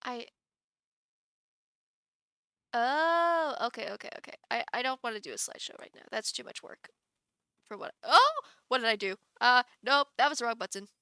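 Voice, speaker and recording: A woman's voice: a little high, moderate pace, pauses often, pushed and bright, clear, resonant tone, dry recording, clean studio sound. A woman streamer chatting casually on a live stream, giggling often and rambling with many restarts.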